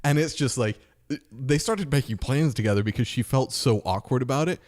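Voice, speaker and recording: A man's voice: mid-range voice, a little fast, a little mellow. A man in his thirties, a podcast host, telling a story in a casual chat and acting out the voices of people in it.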